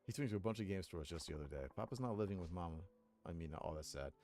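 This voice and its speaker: A sweet, earnest little boy with a squeaky, high voice, as a man puts him on. He talks with lively childlike innocence. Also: very fast, soft background music.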